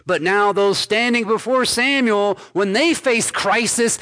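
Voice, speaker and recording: Pastor guy preaching, slightly high voice, punches key words then drops soft. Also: measured pace, few pauses. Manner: emphatic preaching, swinging between loud stresses and dropped soft endings; reads scripture aloud and comments on it. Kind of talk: expository sermon.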